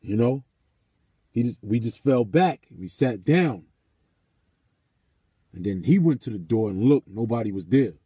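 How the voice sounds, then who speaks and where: A man with a husky, mellow voice tells a story in a vlog and drifts into preaching. He talks emphatically, swears freely and repeats his points. The sound is close and dry. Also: medium pitch, animated, unhurried, pauses often, dry recording. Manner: emphatic, profane, repeats phrases. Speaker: vlogger.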